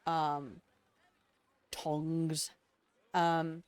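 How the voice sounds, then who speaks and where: A woman's voice: low-pitched, little pitch movement, extremely slow, darkish tone, clean tone, dry recording. An older woman from Alabama streaming a game, chatting in a rambling, storytelling way to her viewers. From Alabama, United States. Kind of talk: casual let's-play commentary.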